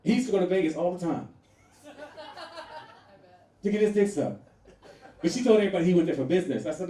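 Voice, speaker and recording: A man performing a stand-up comedy set, loud and animated, laughing through his punchlines and jumping to sudden shrieks. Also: high-pitched, a little fast, long pauses. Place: comedy venue with a live audience. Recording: echoey room from far off with faint noise.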